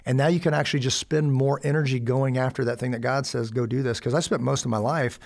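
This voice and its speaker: A man from the United States telling a personal story in a conversation, animated and acting out the voices of others. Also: medium pitch, fast talker. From Kansas City, USA. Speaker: podcast guest.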